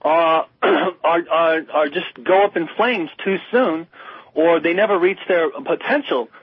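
On a slightly muffled radio broadcast with a dry recording, this male co-host talks about music in a casual, emphatic, rambling way and restarts often. His voice is on the high side, unhurried, and slightly rough.

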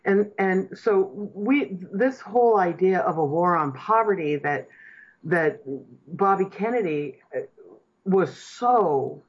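A woman's voice: fairly low pitch, animated, takes it slowly, breathy edge, lo-fi sound. A woman hosting political talk radio, earnest and impassioned, building up to emphatic points. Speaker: radio host.

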